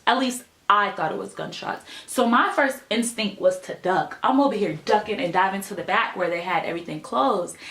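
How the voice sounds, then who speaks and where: With a slightly high voice in a roomy-sounding space, a young woman narrates something that happened to her in casual vlog fashion. She's lively and emphatic, leaning heavily on fillers such as "like" and "right?"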